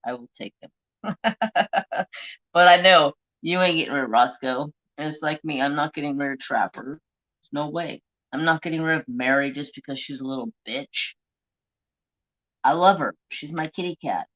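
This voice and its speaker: Blunt, bright-voiced man chatting on stream. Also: fairly high pitch, normal speed, pauses often. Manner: blunt, swears freely, chatty. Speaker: craft livestream host. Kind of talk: casual live-stream chat. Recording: dull lo-fi stream audio.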